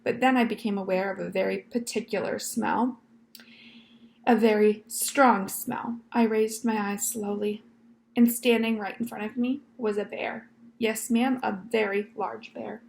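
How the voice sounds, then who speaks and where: A woman's voice: medium pitch, fairly even intonation, normal speed, creaky, a little mellow, a little hiss or hum, natural voice. A woman voicing an elderly, genteel librarian who tells stories with many polite "yes, ma'am"s. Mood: storytelling. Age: older. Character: elderly Southern lady librarian, gentle, storytelling.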